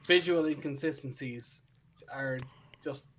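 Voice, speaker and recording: A man's voice: mid-range voice, measured pace, fairly bright tone, a little hiss or hum. A man co-hosting a casual podcast review on a remote call. He talks with eager, stammering restarts. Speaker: podcast co-host. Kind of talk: casual chat, reviewing a TV episode.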